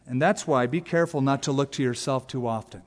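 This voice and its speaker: Animated preacher in a reverberant hall. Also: male voice, medium pitch, a little fast. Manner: animated, acts out voices and exaggerated asides. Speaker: pastor. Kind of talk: expository sermon. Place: large church sanctuary.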